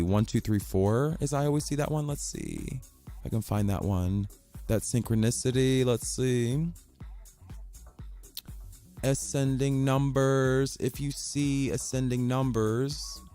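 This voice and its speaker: A man hosting a casual solo podcast from his bedroom, rambling and excitable, swearing offhandedly and reading passages aloud from a website. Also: mid-range voice. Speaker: podcast host.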